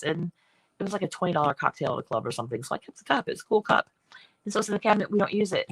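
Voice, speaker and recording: A woman chatting casually as she shows her craft books on a livestream, rambling and often clearing her throat. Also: fairly low pitch, animated, very fast, no echo, poor audio. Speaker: artist hosting a livestream. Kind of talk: casual craft show-and-tell.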